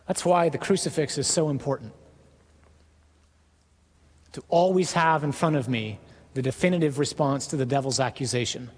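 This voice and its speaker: A man preaching a sermon in an earnest, emphatic way, stressing words slowly. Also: medium pitch, breathy edge, in a large hall.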